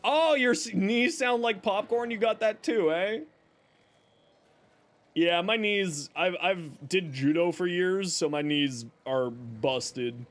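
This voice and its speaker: A man's voice: on the high side, unhurried. A man streaming a game live, chatting casually and jokingly with his viewers. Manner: chatty, joking, talks to chat and his cat. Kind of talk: casual livestream chat while gaming.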